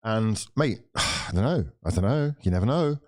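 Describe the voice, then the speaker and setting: Excitable man reacting to football. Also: fairly low pitch, moderate pace. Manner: excitable, swearing, sighs and mock despair. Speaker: streamer hosting a football watchalong. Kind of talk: live match reaction and commentary.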